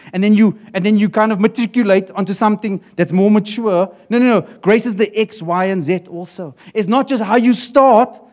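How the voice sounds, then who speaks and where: A middle-aged male pastor delivering a sermon with a fairly high voice. He is animated and keeps circling back, repeating and restarting phrases as he builds his point.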